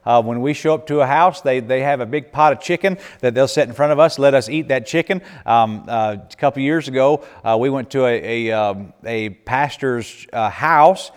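A man's voice: medium pitch, smooth. Folksy man telling stories. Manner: folksy, laughing storyteller with many restarts. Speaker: missionary speaker. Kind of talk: church Q&A talk. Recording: echoey hall with long reverb.

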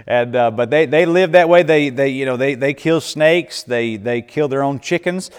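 A man's voice: medium pitch, normal speed, smooth. A man, telling folksy stories and answering questions as a missionary speaker, laughing often and restarting his sentences. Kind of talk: church Q&A talk. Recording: echoey hall with long reverb.

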